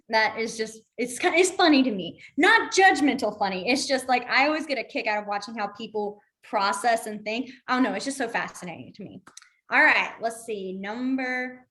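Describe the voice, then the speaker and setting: A woman's voice: on the high side, a bit bright. A woman teaching a beginners' class in a chatty, encouraging way, laughing often. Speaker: sign language teacher. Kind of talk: casual online class instruction.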